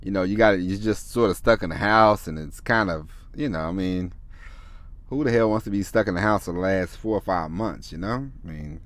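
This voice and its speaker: Guy rambling on his podcast, kinda low voice, swears a lot, dry close sound. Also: normal speed, no room sound. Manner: rambling, frequent restarts and swearing. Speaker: podcast host. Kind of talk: casual solo podcast talk.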